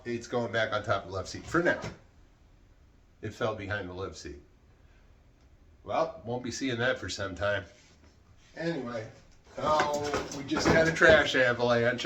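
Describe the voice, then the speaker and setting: A man's voice: medium pitch, bright, forceful tone. Man, rambling self-mocking vlog talk, curses when riled, cluttered room indoors, faint background noise. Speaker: vlogger. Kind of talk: casual rambling vlog while decluttering.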